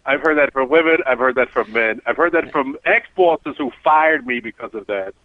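A man's voice: medium pitch, moderate pace, dry recording. A man co-hosting a casual radio talk show, a cab driver telling rambling, self-mocking stories. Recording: tinny phone-line sound.

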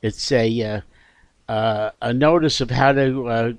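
A man hosting a talk radio show at an ordinary middle pitch. He speaks earnestly and often stops to restart his sentences. The sound is dry and close in the studio. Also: dry recording. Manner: halting, frequent restarts, earnest. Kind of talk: casual radio chat.

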